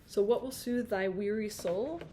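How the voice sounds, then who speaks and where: Reading tarot cards aloud and then riffing on what they mean, this woman keeps things chatty and playful, cutting herself off, laughing at herself, breaking into a few sung notes. Her mellow, medium-pitched voice carries a faint hiss beneath it.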